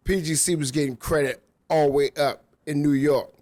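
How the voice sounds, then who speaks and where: A man's voice: fairly high pitch, steady tone, moderate pace, a little mellow, no echo. A man who works as a radio DJ, talking casually in a loose, slangy storytelling way. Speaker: radio DJ guest. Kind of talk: casual chat. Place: rooftop venue.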